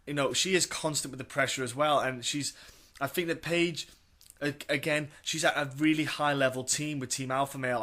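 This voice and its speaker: A man's voice: medium pitch, pushed and bright. A man co-hosting a podcast, chatting eagerly and repeating himself as he makes his fight picks. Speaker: podcast co-host. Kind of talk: casual fight-pick chat.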